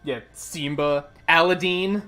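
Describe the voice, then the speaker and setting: A man's voice: a little high, fairly even intonation, takes it slowly, pushed and bright. A man live-streaming a video game, rambling casually and swearing often. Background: faint game music.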